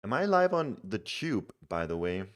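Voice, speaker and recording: Young male streamer, deep voice, chatty and easygoing while playing. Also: very animated, normal speed. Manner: chatty, reads chat aloud, laughs easily. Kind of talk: casual live game commentary.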